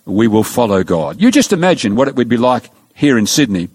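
A man preaching a sermon, telling stories and acting out dialogue, slowing down for emphasis. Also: medium pitch, slightly rough, dry recording. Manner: storytelling, animated, acts out dialogue; slows down for emphasis.

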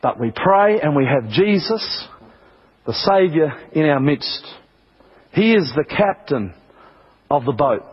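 This is a male pastor delivering an impassioned sermon, pressing each point with rising emphasis. His voice sits high and carries a husky grain. The recording sounds dull and lo-fi, like an old broadcast. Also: very animated, slow, pauses often. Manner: impassioned preaching, builds to emphatic peaks.

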